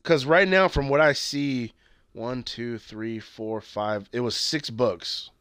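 A man's voice: medium pitch, fairly even intonation, takes it slowly, a bit bright, clean tone, no room sound. A man in casual chat who rambles and swears freely, often trailing off and restarting sentences.

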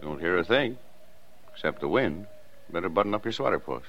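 An indulgent middle-aged father, deep, animated; dull lo-fi radio play. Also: a little fast, slight background noise. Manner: fond, teasing. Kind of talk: 1950s radio drama acting. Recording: dull lo-fi old radio recording.

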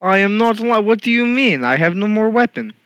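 A man speaks in character at a tabletop game with earnest, slightly stiff formality. His voice sits a bit high for a man, and the sound is dry and close. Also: animated, brisk, a bit bright, clear, resonant tone, no echo, rough recording. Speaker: player. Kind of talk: tabletop role-play.

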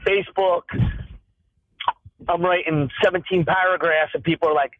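A man's voice: sits high, fairly even intonation, moderate pace, dry recording. A man in his late thirties talking candidly as a guest, rambling and emphatic, with frequent restarts and some swearing. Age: 30s. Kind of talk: candid conversational talk. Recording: tinny phone-like sound, dry.

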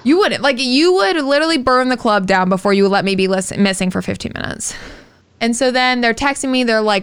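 Her voice is fairly high and smooth, and she talks briskly. She's a podcast co-host telling an animated, expletive-laden story during casual conversation.

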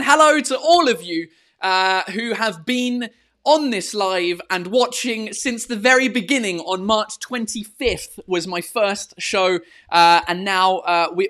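A comedian hosting his own live podcast from home on a podcast mic. His voice is high-pitched and bright, and he talks loosely with swearing, filler sounds and the odd French phrase. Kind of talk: casual live-stream chat. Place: home in lockdown. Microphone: podcast microphone.

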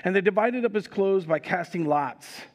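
A man with a slightly higher-than-average voice preaches a communion sermon during a live church service. He reads scripture with expression and moves easily into relaxed, chatty asides for the congregation. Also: moderate pace. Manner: reads scripture expressively, raising voice for quoted speakers. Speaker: pastor.

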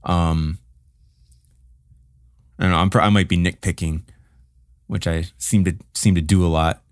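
Low-voiced man rambling about music. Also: fairly even intonation, a little slow, smooth, dry recording, studio quality. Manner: rambling, many fillers and restarts, hums riffs. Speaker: podcast co-host. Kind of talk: casual music review chat.

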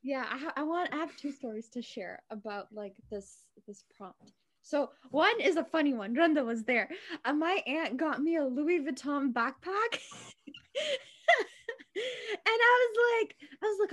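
A young woman with a high voice tells stories on a casual podcast. She animates her anecdotes by acting out the dialogue, shifting into the voices of the people she quotes, with a chatty, unscripted delivery. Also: animated, normal speed, fairly bright tone. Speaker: podcast co-host. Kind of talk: casual storytelling.

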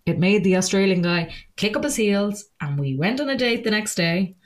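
A young Irish woman telling lively stories in casual chat, laughing and acting out what people said. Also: medium pitch, a little fast, hardly any pauses. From Ireland. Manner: animated, laughing, acts out quotes in voices. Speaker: podcast co-host.

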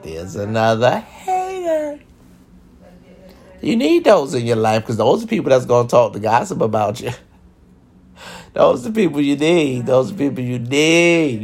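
A man hosting an hour-long live show, delivering a brash, profane, swaggering monologue that repeats phrases and swings between loud and hushed. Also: medium pitch. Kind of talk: casual boastful monologue.

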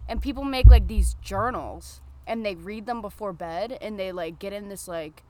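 A young woman in casual chat, telling stories in a chatty, animated way with many "like" fillers. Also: medium pitch, normal speed, slight background noise.

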